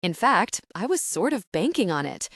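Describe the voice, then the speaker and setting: A woman's voice: mid-range voice, sing-song, moderate pace, fairly bright tone, breathy edge, no room sound, studio quality, exaggerated voice. A woman reading the lines of an anguished young man confessing old trauma, in a strained, choked voice. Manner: strained, choked, hissing delivery. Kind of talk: audiobook character reading.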